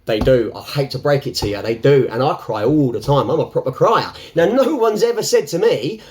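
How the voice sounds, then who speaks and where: A man's voice: medium pitch, lively intonation, fairly quick, a little mellow. A man talking to camera in an unscripted, reflective way. He rambles, restarts often and laughs between thoughts. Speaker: self-help vlogger.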